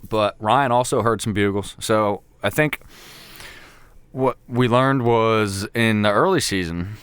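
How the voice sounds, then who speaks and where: A man telling a hunting story in casual podcast chat, swearing freely and getting animated as he talks. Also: fairly low pitch, a little slow, clear, resonant tone, dry recording. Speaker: podcast co-host.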